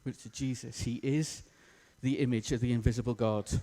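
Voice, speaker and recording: A man's voice: mid-range voice, fairly even intonation, brisk, mellow. A man preaching a sermon in a church, casual and self-deprecating with plenty of fillers. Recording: echoey church hall.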